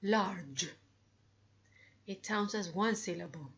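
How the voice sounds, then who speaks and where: Slow, upbeat woman teaching English grammar. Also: medium pitch, fairly bright tone, dull audio. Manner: slow, drawn-out examples with upbeat prompts. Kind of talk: grammar lesson.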